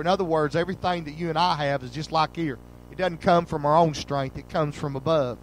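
A male pastor preaching a sermon fervently, reading old-style scripture and swelling loud on key lines before dropping low. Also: steady tone, a little fast, few pauses, a little hiss or hum, rough recording. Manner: reads scripture in old King James wording.

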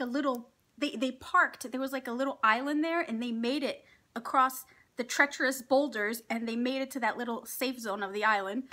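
A middle-aged woman vlogger telling a story in casual chat, animated and laughing often as she acts out what people said. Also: high-pitched. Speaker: mukbang vlogger.

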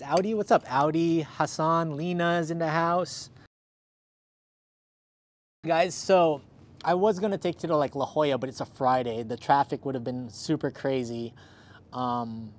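A man's voice: fairly high pitch, moderate pace. A chatty man from Southern California hosts a casual livestream outdoors, upbeat and thanking viewers one by one. He is slightly out of breath. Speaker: livestream host. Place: outdoors in cold weather.

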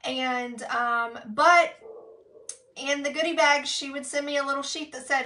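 On a live team training call, a young direct sales consultant tells her personal story in a casual, earnest and heartfelt way, full of fillers. Her high, bright voice moves a little slowly and sounds a bit distant from the phone mic on the live video call.

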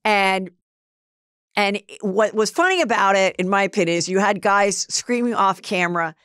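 Woman podcast host, chatty storyteller, smooth voice, dry close sound. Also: animated, normal speed, fairly bright tone, no echo. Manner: chatty storyteller, acts out quotes in higher voices. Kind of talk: casual gossip chat.

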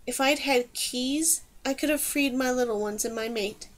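Storybook marmoset, male, small and wary, read by a woman; soft, slow, high. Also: lightly acted. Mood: wistful.

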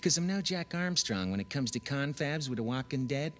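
A man's voice: mid-range voice, animated, fairly quick, fairly bright tone, slight background noise, natural voice. A man playing a brash, slangy modern Hamlet telling his story with swagger.

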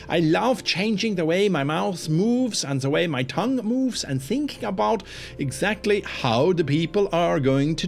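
A man hosting a tabletop game master tips video, talking enthusiastically and emphatically. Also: a little high. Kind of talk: casual tutorial talk.

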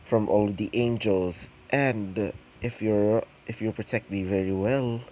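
A man voicing a scheming female insect demon seductress who coaxes softly, then turns shrill when furious. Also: steady tone, slow, slight background noise. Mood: coaxing.

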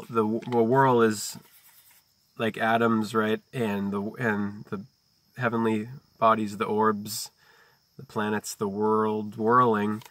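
A man with a lowish voice reads a book aloud on his video in a measured, quiet way. Between passages he drifts into slow, chant-like strings of wordplay. The sound is dry and close, with little room echo. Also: flat delivery. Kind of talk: reading aloud mixed with free-associating musings.

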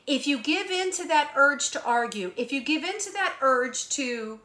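A woman giving a spiritual guidance monologue as a hypnotherapist and intuitive channeler. She speaks emphatically and preaches through rhetorical questions, moving between hushed asides and raised emphasis. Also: high voice, animated, normal speed.

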